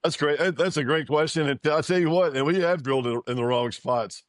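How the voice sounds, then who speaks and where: A man's voice: a little high, a little fast, dry recording. A man in his fifties, an oil and gas company founder, giving an interview and telling a story, repeating phrases and acting out quoted dialogue.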